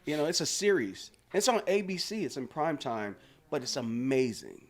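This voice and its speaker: A man's voice: a little high, big pitch swings, normal speed, a little hiss or hum. Rambling man talking over the others. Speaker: podcast guest. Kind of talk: casual chat.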